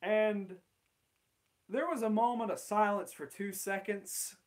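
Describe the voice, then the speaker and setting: Speaking slowly with fairly even intonation, the same kind of young male host meanders through an embarrassing personal tale off the cuff. His pitch runs slightly above typical for a man, and he curses, laughs, and peppers everything with "like" and "um."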